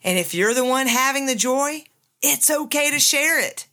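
A woman's voice: sits high, lively intonation, moderate pace, sharp tone. A woman from the USA hosting a motivational podcast, upbeat and emphatic, laughing often. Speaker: podcast host. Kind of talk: motivational self-help talk.

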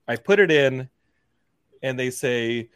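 A man in his forties, a podcast host, telling a story in casual chat and acting out the dialogue in lively quoted voices. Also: medium pitch, slow pace, clear, resonant tone, no room sound, clean studio sound. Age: 40s.

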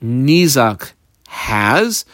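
A man's voice: very slow, dry recording. A man teaching a Talmud lesson, reading Aramaic phrases and explaining them in English with frequent fillers. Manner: animated, lively pitch swings.

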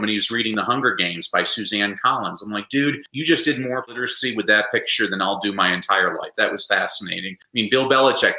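A man, the guest on a podcast interview, telling lively anecdotes and acting out the quotes. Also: lowish voice, roomy sound, poor audio. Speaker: guest, reading advocate. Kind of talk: animated storytelling in a podcast interview.

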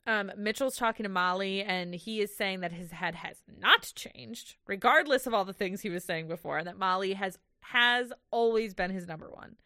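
A woman's voice: mid-range voice, normal speed, hardly any pauses, sharp tone, clear, resonant tone, no echo, clean studio sound. A young woman co-hosting a podcast, recapping scenes in chatty run-on sentences and giggling often. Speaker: podcast co-host. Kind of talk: casual recap chat.

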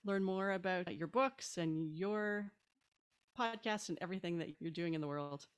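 Co-host, woman in her forties, lowish voice, soft and sincere. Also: normal speed, clean tone. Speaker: podcast co-host. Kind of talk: casual chat.

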